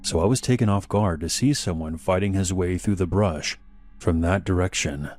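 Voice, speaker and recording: A man with a very deep, low voice reads a horror story in a steady, unhurried manner. Faint music plays quietly beneath his narration.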